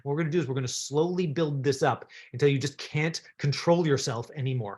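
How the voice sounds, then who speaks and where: A man's voice: a little high, fast talker, a little mellow, breathy edge. Chatty man coaching actors. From Canada. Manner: chatty, full of fillers, encouraging. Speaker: acting coach. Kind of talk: acting workshop instruction.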